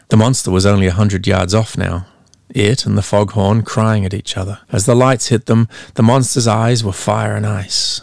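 A man narrating a story in a measured, dramatic way. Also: fairly low pitch, fairly even intonation, gravelly, a little mellow, no room sound, clean studio sound. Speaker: audiobook narrator.

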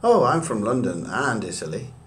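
A man reading the lines of a London man of Italian family, quickly and plainly from a script. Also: mid-range voice, sing-song, pitched below the performer's own voice, lightly acted.

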